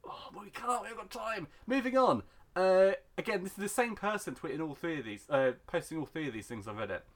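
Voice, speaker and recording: A man hosting a casual podcast, brisk and mock-serious with a sarcastic edge. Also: high-pitched, lively intonation, fairly bright tone. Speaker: podcast host.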